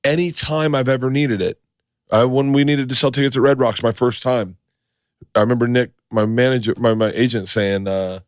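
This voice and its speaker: A man hosting a podcast, telling stories in a rambling, excitable way and swearing freely. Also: mid-range voice, moderate pace, no echo, studio quality. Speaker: podcast host. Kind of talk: casual podcast chat.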